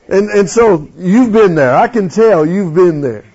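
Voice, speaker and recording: A man preaching a folksy, animated sermon in church, questioning his congregation. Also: high-pitched, moderate pace, slightly rough. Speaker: pastor. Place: church sanctuary. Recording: dull lo-fi sound.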